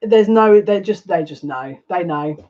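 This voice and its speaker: Overwhelmed and emotional, a British tarot reader delivers a collective reading, breathless at times and repeatedly beginning sentences again. Their medium-pitched voice is animated, unhurried, and dark in tone, heard through slightly muffled lo-fi audio.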